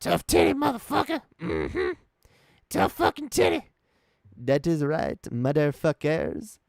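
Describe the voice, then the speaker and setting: A man's voice: fairly high pitch, wildly swooping pitch, slow, gravelly, a little mellow, dry recording, clean studio sound, voice pushed up, full character voice. A man voicing a tough, edgy, swaggering young male persona who taunts and swears. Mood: cocky.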